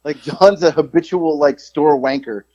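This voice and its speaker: A man co-hosting a podcast, telling stories in casual chat, swearing freely and jumping up in pitch when he quotes himself. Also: normal speed, no room sound. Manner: animated storyteller, jumps high when quoting himself, swears freely. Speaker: podcast co-host. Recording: slightly dull lo-fi sound.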